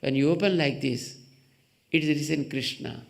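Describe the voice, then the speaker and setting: A man teaching as a spiritual leader in a temple hall, explaining ideas through simple examples and rhetorical questions, and acting out quoted voices in a sudden high pitch. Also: fairly even intonation, moderate pace, creaky. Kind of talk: slow spiritual discourse.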